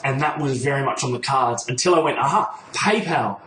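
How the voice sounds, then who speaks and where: A man's voice: mid-range voice, steady tone, quick pace, fairly bright tone. A man hosting a podcast, telling a story casually and swearing freely. He acts out both sides of the conversation he recounts. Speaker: podcast host. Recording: roomy echo with faint noise.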